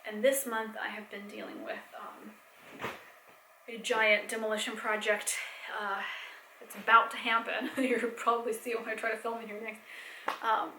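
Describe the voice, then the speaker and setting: A young adult woman chatting casually in a home vlog, rambling with fillers and soft laughs, a bit tired. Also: medium pitch, echoey room, noisy background. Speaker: vlogger and mom. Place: home, indoors.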